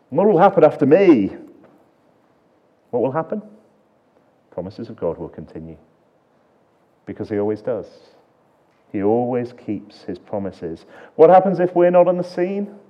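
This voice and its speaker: A man preaching a sermon, earnest and full of rhetorical questions, swinging between emphatic lines and hushed ones. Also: medium pitch, highs cut off.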